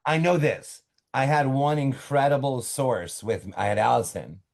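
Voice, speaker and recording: A middle-aged man talks from his home office as an interview guest. His voice sits at an ordinary middle pitch, and he tells his stories eagerly, breaking off into quick asides and restarting his sentences. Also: gravelly, darkish tone. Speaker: author guest. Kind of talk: casual interview talk.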